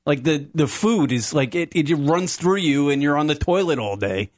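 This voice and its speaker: A man's voice: a little high, lively intonation, normal speed. A man, co-hosting a casual podcast and telling a profane, rambling story with frequent laughs. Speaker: podcast co-host. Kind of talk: casual chat.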